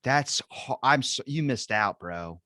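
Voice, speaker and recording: A man's voice: medium pitch, expressive, takes it slowly, sharp tone, dry recording, clean studio sound. A young American man from the East Coast hosting a podcast, telling rambling anecdotes with lots of swearing and acted-out voices. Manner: rambling storyteller, swears a lot, acts out quoted voices. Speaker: podcast host. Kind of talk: casual chat.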